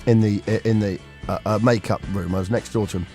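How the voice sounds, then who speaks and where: A man's voice: fairly low pitch, fairly even intonation, quick pace, a little mellow, soft background music. A man hosting a radio show, telling rambling anecdotes in casual chat. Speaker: radio host.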